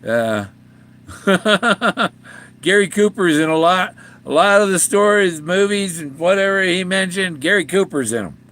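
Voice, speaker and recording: Here a treasure hunt author and vlogger, an older man, rambles casually about his hunt, laughing frequently and starting sentences over. His voice is high and animated, fairly bright, delivered at a measured pace.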